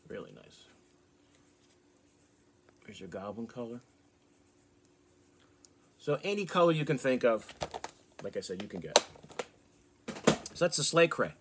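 An American man from the northeastern United States, hosting a fishing channel, casually showing off soft plastic baits in a relaxed, chatty way with fillers. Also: medium pitch, background noise. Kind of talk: casual product show-and-tell.

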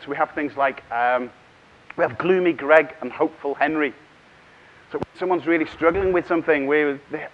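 A man speaking at a conference in a fairly high voice, telling funny stories and slipping in voices for people's thoughts. The sound is dull and lo-fi, as if taped from a hall microphone. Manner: humorous storytelling, acts out voices and inner thoughts. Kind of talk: lively conference keynote.

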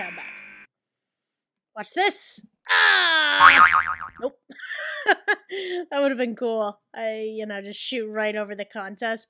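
Woman gamer chatting over her gameplay, bright voice swinging all over, cusses at the game a lot. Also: on the high side. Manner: excitable, swears and yells at the game. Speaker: gaming video host. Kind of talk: casual gameplay commentary.

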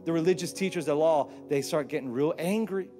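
Over music, a pastor with a fairly high voice preaches at a fairly quick pace from a church stage. He's animated and playful, acting out Bible scenes and quotes in put-on voices.

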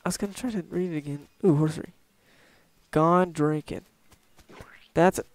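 A man's voice: fairly high pitch, moderate pace, a little mellow, no echo. A young man playing a game at home, casually reading its text aloud and swearing now and then. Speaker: gamer. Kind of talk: casual let's play commentary.

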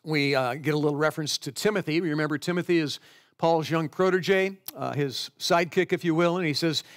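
A man's voice: on the high side, fairly quick. A middle-aged man, a pastor, preaching a sermon and explaining scripture verse by verse in a conversational way.

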